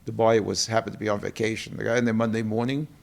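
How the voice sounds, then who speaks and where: Middle-aged man, New York accent, gravelly voice, lively storyteller who acts out the quotes. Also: on the low side, fast talker. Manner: animated storyteller acting out quotes. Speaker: guest, company co-president. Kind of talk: storytelling interview.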